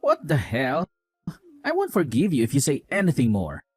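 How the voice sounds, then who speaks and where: A man's voice: a little high, wildly swooping pitch, normal speed, darkish tone, breathy edge, no room sound, faint music behind, full character voice. A man voicing a young husband who scolds his wife with contempt and sides with his mother in a voiced drama story. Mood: scornful.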